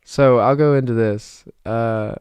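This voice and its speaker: A South Georgia man in his twenties hosts a casual livestream, reading chat and rambling with plenty of fillers and restarts. His medium-pitched voice is slow, fairly even, a little mellow and smooth, with no room sound.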